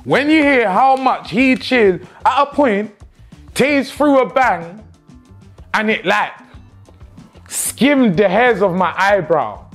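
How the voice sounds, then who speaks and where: A man, telling the story of his own boxing match in a slangy, animated, self-mocking way. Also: high-pitched, slow pace, long pauses, faint music behind. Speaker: boxer reviewing his own fight. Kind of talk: casual storytelling commentary.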